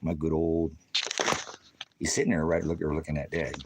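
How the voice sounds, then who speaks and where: Low-voiced ranch preacher guy rambling on, baby-talking his dogs, sometimes near whispering. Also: steady tone, slow pace, long pauses, noisy background. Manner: rambling, talks fondly to his dogs, drops to hushed murmurs. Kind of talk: rambling home vlog.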